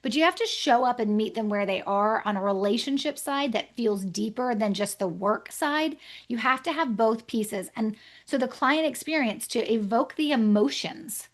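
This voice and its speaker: A woman's voice: a little high, normal speed, hardly any pauses. A woman author being interviewed on a podcast, talking energetically and acting out conversations with clients. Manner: energetic, acts out client dialogues. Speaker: guest author.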